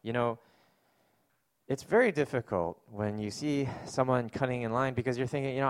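A man preaching a sermon, reading scripture slowly and then telling stories in a loose, chatty way with many fillers. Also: clear, resonant tone. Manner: acts out quoted people in loud high voices. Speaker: pastor.

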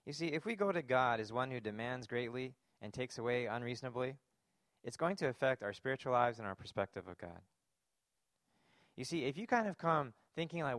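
A man's voice: medium pitch, very animated, normal speed, no echo, studio quality. A man preaching a sermon, earnest and emphatic, posing rhetorical questions to his congregation. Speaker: pastor.

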